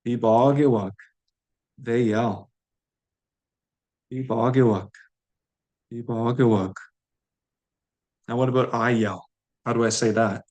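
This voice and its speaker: A man's voice: mid-range voice, fairly even intonation, slow pace, long pauses, darkish tone. A man teaching a language lesson, saying each word aloud and repeating it patiently for learners.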